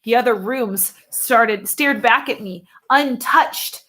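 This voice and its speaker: A woman's voice: on the high side, slow pace, sharp tone. A woman narrating a first-person children's novel with a vivid, urgent reading. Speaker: audiobook narrator.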